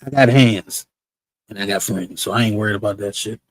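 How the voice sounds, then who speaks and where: A man hosting a live-stream review show, talking in a relaxed, slangy, chatty way. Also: lowish voice, fairly quick, no room sound, low-quality recording. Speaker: livestream show host. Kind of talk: casual live-stream commentary.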